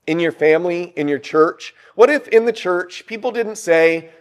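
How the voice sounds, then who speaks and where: Male preacher, high-pitched, lively sermon delivery, asks the room questions. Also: moderate pace. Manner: animated, rhetorical questions to the congregation.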